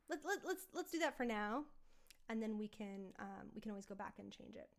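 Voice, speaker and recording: A woman's voice: medium pitch, animated, brisk, gravelly. A woman chatting casually as she works out a song, thinking aloud and singing melody bits with scat syllables. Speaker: songwriter streamer. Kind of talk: casual songwriting livestream chat.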